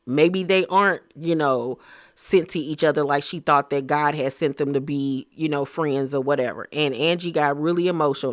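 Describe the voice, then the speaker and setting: Animated gossipy man recapping reality TV. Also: a little high, no echo, clean studio sound. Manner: animated, gossipy, slang-heavy. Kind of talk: casual recap commentary.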